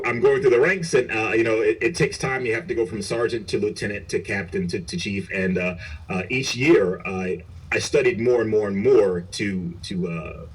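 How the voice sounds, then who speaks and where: A man's voice: on the low side, husky. A middle-aged man, a police chief, telling his story in an interview in an earnest, reflective way with frequent restarts. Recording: voice picked up from a distance.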